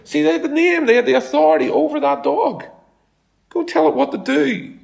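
A man's voice: very high-pitched, fairly quick, vocal fry, a little mellow. A man preaching a sermon as pastor, talking in a conversational way and telling homely stories. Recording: echoey room.

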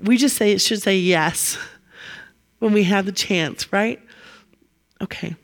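A woman preaching a sermon, telling the story in a lively way and acting out the quotes. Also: mid-range voice, slow pace.

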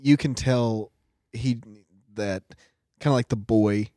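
Lively thirtyish dad laughing thru kid stories, dry close mic. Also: male voice, mid-range voice, slow, no echo. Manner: animated, laughing storyteller. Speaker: father of young kids. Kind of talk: casual chat.

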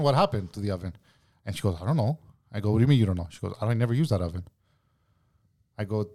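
A man's voice: lowish voice, a little mellow. Man, casual podcast guest, heated, profane, acts out the dialogue. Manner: acts out both sides of arguments. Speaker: guest telling a work story.

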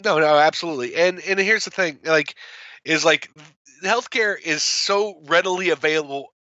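Bright, dry-voiced man in casual chat. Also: a little high, normal speed, no echo, dull audio. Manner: rambling, repeats words, laughs often. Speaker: podcast co-host.

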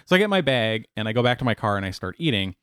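A man's voice: lowish voice, very animated, racing, fairly bright tone, clean tone, no echo, clean studio sound. Rambling man telling a story. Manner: rambling, lots of fillers and restarts. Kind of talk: casual storytelling chat.

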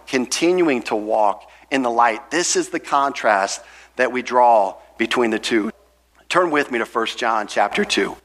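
A man's voice: mid-range voice, fairly bright tone. A pastor teaching an expository sermon to his congregation in a conversational way, with asides.

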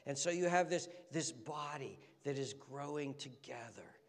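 A man's voice: mid-range voice, animated, unhurried, vocal fry. A man preaching a sermon, reading scripture aloud and explaining it with emphasis. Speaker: pastor. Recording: long reverb of a large hall.

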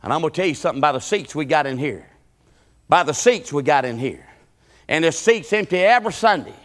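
A man preaches a sermon, his voice high and bright. He swings between loud shouts and hushed, low talk. The church sanctuary gives a long trailing reverb. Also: lively intonation, a little fast. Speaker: pastor.

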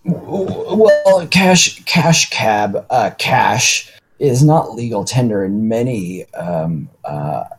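A man co-hosting a casual podcast chat, making dry jokey asides in a halting way. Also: lowish voice, expressive. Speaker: podcast co-host.

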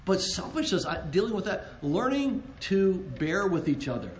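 A man's voice: sits high, very animated, moderate pace, reverberant. A man co-hosting a Christian talk on marriage, earnest and joking, often restarting his sentences. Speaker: co-host, married couple ministry.

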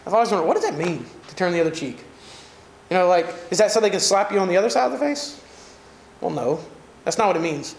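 A man with a Southern American accent preaching a sermon, animated and conversational, with jokes and asides to the congregation. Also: sits high, fast talker, creaky, pauses often, echoey room, a little hiss or hum. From Southern United States. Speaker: pastor.

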